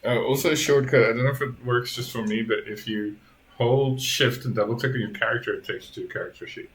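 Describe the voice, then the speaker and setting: A man's voice: medium pitch, steady tone, quick pace, fairly bright tone, low-quality recording. A man running a tabletop game as dungeon master, talking casually and a little hesitantly.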